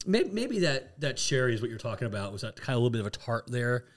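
A man co-hosts a podcast built around a casual whiskey tasting, talking fast and with lots of energy in a medium-pitched voice. He rambles, frequently starts over, and laughs at himself.

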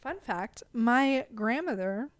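A woman's voice: fairly high pitch, takes it slowly, no echo. Casual young woman co-host, dry close sound. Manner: relaxed, frequent backchannel "mm-hmm" and short agreeing replies. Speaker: podcast co-host. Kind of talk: casual chat.

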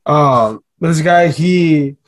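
A man chats casually on a podcast, wandering through his points with frequent ums and restarts. His voice sits slightly high for a man. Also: very slow. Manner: rambling, hesitant, filler-heavy talk. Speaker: podcast co-host.

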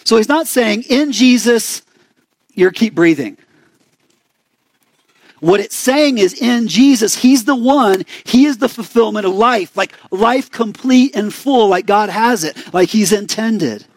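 A man's voice: high-pitched, unhurried, hardly any pauses, dry recording. A young man with an Arizona accent preaching a sermon in a conversational way, often asking the congregation questions. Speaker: pastor.

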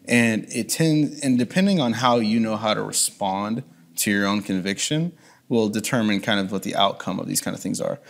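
A man's voice: lowish voice, moderate pace, gravelly. A man reflectively sharing a personal testimony as an interview guest, with frequent restarts. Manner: earnest, reflective, many restarts.

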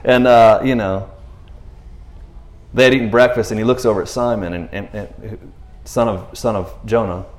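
A man's voice: fairly low pitch, normal speed, long pauses. Laid-back man talking faith, roomy sound. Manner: laid-back, slangy, animated storytelling. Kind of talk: casual faith talk. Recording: roomy echo.

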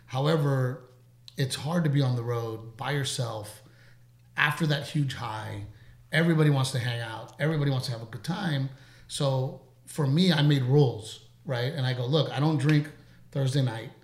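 Roomy-sounding animated male comedian host. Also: mid-range voice, moderate pace. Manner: animated storyteller, quotes people in put-on voices. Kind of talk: casual interview chat. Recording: roomy echo.

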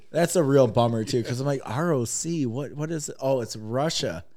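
A man hosting a casual chat, teasing his guest with quick jokes. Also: mid-range voice, lively intonation, a little mellow. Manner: teasing, joking interjections.

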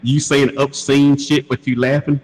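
A man telling a crude story in casual chat, laughing often and animated. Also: mid-range voice, moderate pace, in a large hall, poor audio.

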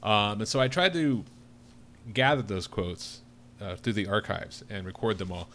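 A man's voice: lowish voice, animated, moderate pace, fairly bright tone. A man hosting a podcast in casual chat, laid-back and teasing, with many fillers. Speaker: podcast host. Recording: faint background noise.

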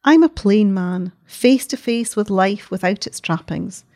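A woman voicing a grave, commanding man of few words, speaking steadily and quietly in a read-aloud story. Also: medium pitch, unhurried, close to an everyday voice. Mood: steady.

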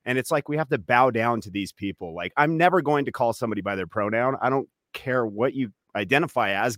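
A man's voice: medium pitch, animated, quick pace, hardly any pauses, fairly bright tone, dry recording. Sarcastic man, dry close sound. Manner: sarcastic, getting heated. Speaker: guest comedian. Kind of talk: casual political chat.

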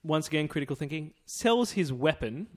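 A man's voice: a little high, animated, normal speed. A man on a podcast, recounting a story with joking asides. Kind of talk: casual storytelling chat.

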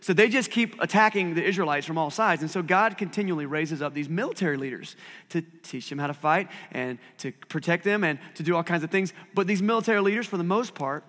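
A man's voice: on the high side, fast, a bit bright, big-room sound. A man preaching a sermon as pastor, talking conversationally with self-deprecating asides.

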